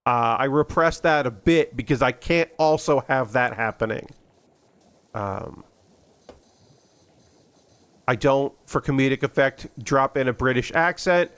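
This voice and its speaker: Male streamer, casual rambling commentary over gameplay, self-deprecating, mid pitch. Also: a little slow, pauses often, a bit bright, clear, resonant tone. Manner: rambling, self-deprecating, many fillers and restarts. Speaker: gaming streamer.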